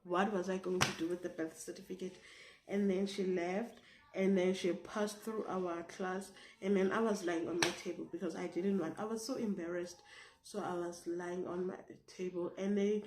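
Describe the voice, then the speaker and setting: A young woman with a South African accent telling a story on a casual vlog, animated and indignant, swearing freely. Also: fairly low pitch, normal speed. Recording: echoey room, faint noise.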